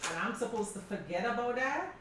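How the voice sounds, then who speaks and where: A middle-aged woman teaching a crafting class, telling stories in a casual, animated way and calling her students y'all. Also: a little high, a little fast, background noise. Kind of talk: casual class talk, storytelling. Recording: very echoey room from a distance.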